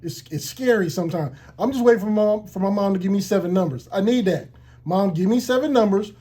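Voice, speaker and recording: A man interviewing a guest in casual radio talk, animated and full of slang and swearing. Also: high-pitched, fast, husky.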